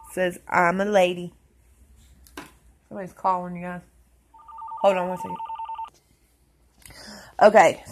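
A young woman, talking to her viewers in a casual vlog, soft-spoken and affectionate, her speech trailing off. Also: lowish voice, slight background noise. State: tearful. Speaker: vlogger.

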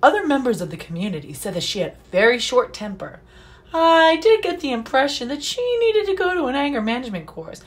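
A woman's voice: high-pitched, big pitch swings, fairly quick. A woman reading a news story aloud and breaking off into sarcastic, profane, indignant asides. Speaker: commentary vlogger.

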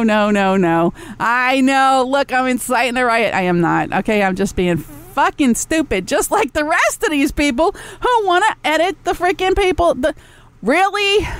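A woman hosting a podcast, ranting with profanity and loose slang. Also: sits high. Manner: profane, exasperated, heavy drawl of casual slang. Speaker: podcast host.

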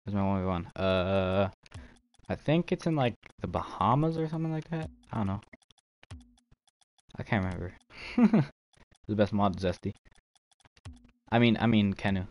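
A man's voice: fairly low pitch, expressive, moderate pace, pauses often, darkish tone, dull audio. Laid-back young male game streamer. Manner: laid-back, chatty, laughs and swears casually. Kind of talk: casual live-stream chat while trading.

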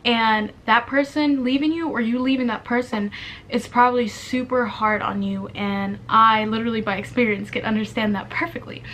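A woman's voice: a little high, fairly even intonation, moderate pace, fairly bright tone, a little hiss or hum. Earnest young woman vlogging advice. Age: young adult. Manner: chatty, earnest, lots of fillers. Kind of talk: casual heartfelt advice to camera.

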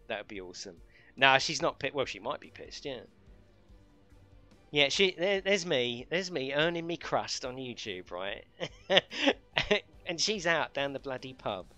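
A chatty man running a live game stream, his voice bright and forceful as he banters, swears lightly and laughs along. Faint music plays behind him. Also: medium pitch, expressive, normal speed. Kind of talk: casual live-stream chat.

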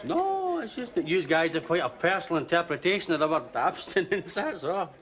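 A teasing barman with a slightly high, lively voice. His wit is dry and mocking, and he pokes fun at his drinkers. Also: a little fast. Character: smart-mouthed barman, wry and teasing.

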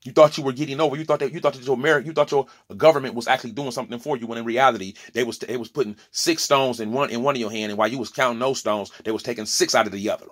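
A man's voice: mid-range voice, steady tone, racing, hardly any pauses, a bit bright. A man in his forties giving a heated opinion monologue, repeating and restarting words as he presses his points. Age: 40s. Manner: impassioned, stumbling restarts, preachy asides. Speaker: opinion vlogger.

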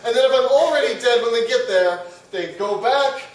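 A male comedian putting on a high, exasperated voice for a ranting dictator in a stand-up bit. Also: normal speed, far from the mic. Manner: shouted, exasperated whining. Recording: echoey room, mic from afar, audience noise.

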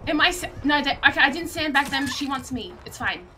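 A young woman, streaming herself playing a game and reacting in a panicky, excitable way. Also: high voice, fairly quick, faint music behind. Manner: excitable, panicky, often shrieking and laughing. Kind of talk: live gameplay commentary.

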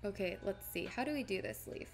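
A woman's voice: mid-range voice, lively intonation, fairly quick, gravelly, soft background music. A woman live streaming while she paints, chatting casually with viewers in a playfully melodramatic, mock-tearful way.

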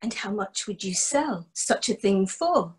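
A woman voicing Archie, an excited, curious young male farmhand in a storytelling performance. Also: mid-range voice, a little slow, breathy edge. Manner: excited, wide-eyed questioning.

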